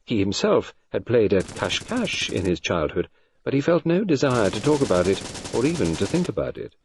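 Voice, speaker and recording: A man reading a novel aloud in measured, dry storytelling narration. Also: lowish voice, very animated, background noise. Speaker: audiobook narrator. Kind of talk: scripted narration.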